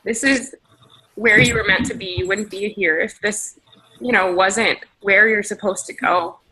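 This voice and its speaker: Bright-voiced woman, tearful pep talk. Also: medium pitch, steady tone, measured pace, breathy edge, poor audio. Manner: tearful, shaky, gushing. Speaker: team leader on a group video call. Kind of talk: emotional motivational pep talk. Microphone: video call.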